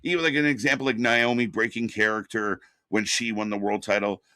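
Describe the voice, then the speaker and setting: A man's voice: lowish voice, fairly even intonation, fairly quick, sharp tone, no echo, studio quality. A man hosting a casual wrestling talk show, ranting bluntly with plenty of swearing. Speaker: wrestling commentary host. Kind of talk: casual podcast chat.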